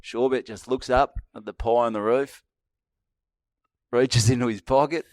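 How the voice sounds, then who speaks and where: A man's voice: mid-range voice, fairly even intonation, moderate pace, darkish tone, no echo, clean studio sound. A young Australian man co-hosting a podcast, swearing freely and laughing through rambling anecdotes about a mate. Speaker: podcast co-host. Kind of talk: casual chat, storytelling.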